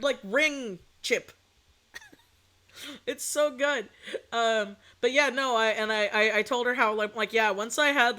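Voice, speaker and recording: Bright-voiced woman streamer, casual rambling. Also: on the high side. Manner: rambling, swears freely, laughs often. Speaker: VTuber streamer. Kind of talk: casual chat.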